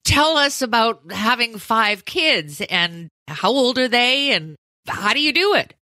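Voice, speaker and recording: A woman in her fifties with a bright, forceful voice and a lively pitch, recorded close and dry. She jokes and tells family stories in a casual chat. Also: measured pace, no room sound. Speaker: co-host.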